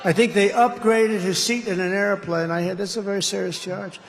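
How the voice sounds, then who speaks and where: A man's voice: high voice, fairly even intonation, moderate pace, gravelly, long reverb tail, slight background noise. A man giving a campaign rally speech, rambling and repetitive with boastful asides. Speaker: political candidate addressing a rally.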